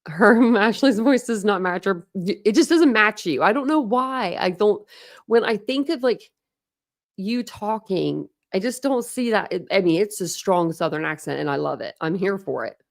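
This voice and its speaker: A woman's voice: medium pitch, lively intonation, moderate pace, vocal fry. A young woman hosting a true crime channel, chatting casually and rambling to her livestream viewers, full of "like"s and restarts.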